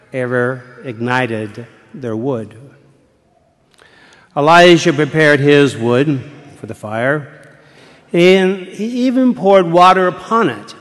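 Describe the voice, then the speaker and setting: An older man, a retired priest, preaching a sermon in a church, telling the story slowly and dropping to a hushed whisper at times. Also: fairly high pitch. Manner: slow, deliberate storytelling with dramatic hushed whispers. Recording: long church reverb.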